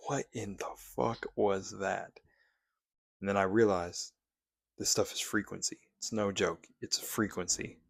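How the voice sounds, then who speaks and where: Gravelly low-voiced man giving pep talk. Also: no room sound, studio quality. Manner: laid-back, swears freely, preachy encouragement. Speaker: spiritual vlogger. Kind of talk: casual motivational monologue.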